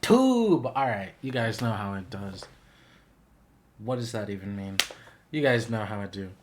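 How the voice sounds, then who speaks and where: A man's voice: fairly low pitch, fairly even intonation, normal speed. A man hosting a reaction video, talking to the camera into a microphone in an earnest, reflective way that often searches for words. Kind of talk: casual earnest reaction talk.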